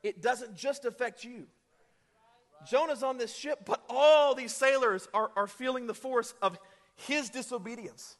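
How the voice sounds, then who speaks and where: High, bright-voiced preacher in a reverberant hall. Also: male voice, a little slow. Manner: energetic, conversational preaching with asides. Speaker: pastor. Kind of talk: sermon with scripture reading.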